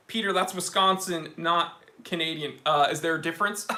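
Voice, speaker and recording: Young guy on a live stream, fairly high voice, bright and lively, reads chat out loud all excited. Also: normal speed. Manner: excitable, reading out viewer comments. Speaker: watch channel host.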